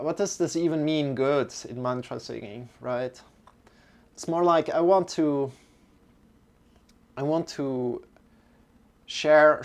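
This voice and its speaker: Slow, hesitant male yoga teacher. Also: medium pitch, clean tone. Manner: rambling, hesitant, many restarts and fillers. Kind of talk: live-streamed yoga class talk.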